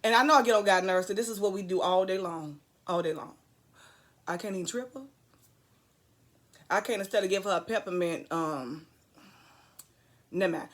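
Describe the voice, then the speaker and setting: A woman delivers an earnest motivational talk straight to the camera, preachy and emphatic, repeating her key phrases for weight. Her voice sits at a mid pitch, and she wanders into loose, chatty asides between the urgings. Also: moderate pace, pauses often. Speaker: vlogger.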